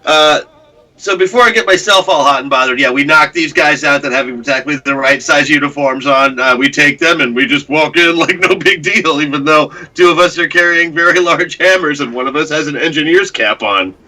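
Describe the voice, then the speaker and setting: A man's voice: on the high side, brisk, pushed and bright, rough recording. A man playing a tabletop role-playing game, laughing often as he talks through his plan. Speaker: player.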